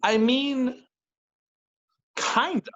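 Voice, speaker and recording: A man doing a gentle motherly teacher. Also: a little high, sing-song, dull audio, heavily acted. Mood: puzzled. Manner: soft, sweet, unhurried speech. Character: gentle maternal woman divination teacher.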